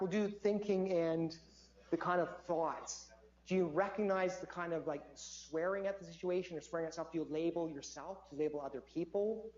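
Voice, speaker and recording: Energetic man guiding a lecture class. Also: high voice. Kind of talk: interactive stress-relief lesson. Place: lecture hall. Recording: dull lo-fi audio with faint hum.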